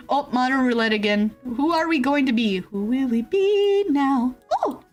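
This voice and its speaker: A woman's voice: high-pitched, animated, a little slow, a little mellow, faint music behind. A young woman streamer chatting casually with her viewers, giggling often and answering chat messages. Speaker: VTuber streamer.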